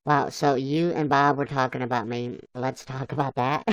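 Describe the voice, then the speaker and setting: Slow-talking man chatting on a live stream. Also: mid-range voice, vocal fry, a bit bright, no echo, poor audio. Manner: chatty, laughs often, reads viewer comments aloud. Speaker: livestreamer.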